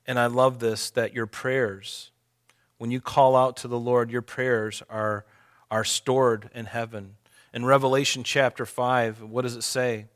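A man preaching a sermon in an earnest, conversational way, slowing and lifting his voice when reading scripture aloud. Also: mid-range voice. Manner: conversational asides to the congregation. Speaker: pastor.

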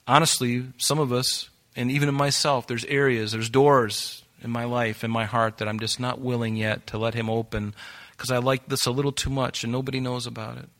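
Bright-voiced preaching man. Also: mid-range voice, brisk. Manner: animated preaching, acts out quoted voices. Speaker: pastor. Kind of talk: sermon.

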